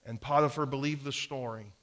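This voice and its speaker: A man's voice: medium pitch, steady tone, brisk, a bit bright. A man preaching a sermon, reading scripture aloud and repeating phrases for emphasis, with his volume swelling and dropping. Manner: volume rising and falling for emphasis.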